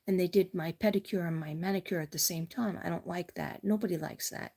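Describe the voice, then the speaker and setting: A woman's voice: on the low side, fairly quick, vocal fry, warm tone. A middle-aged woman from Staten Island with a New York accent, giving a casual, rambling tarot reading full of personal stories. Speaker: tarot reader.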